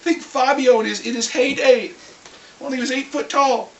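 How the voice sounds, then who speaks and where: A high, bright voice tells a rambling tabletop game story in a loose, animated rant, still getting over a cold and clearing the throat now and then. The echoey room sits around the voice. The mic is set well back and picks up a faint hiss. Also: normal speed, distant mic. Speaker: vlogger.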